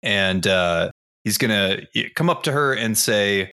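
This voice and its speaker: A man's voice: lowish voice, lively intonation, measured pace, bright, forceful tone, smooth. A man talking casually as a player at a game table, easygoing and often laughing.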